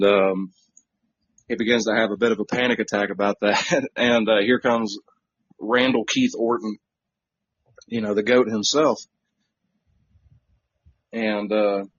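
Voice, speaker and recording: A man's voice: lowish voice, husky, dry recording. A man co-hosting a podcast, casually recapping a wrestling show with lots of fillers and jokey asides. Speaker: podcast co-host. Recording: dull lo-fi dry recording.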